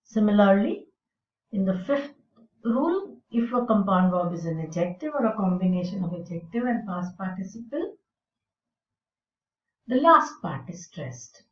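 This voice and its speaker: Slow, deliberate woman teaching from afar. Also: medium pitch, very animated. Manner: slow, deliberate explanation with fillers. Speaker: English teacher. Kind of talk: recorded lecture. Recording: roomy and distant, dull sound.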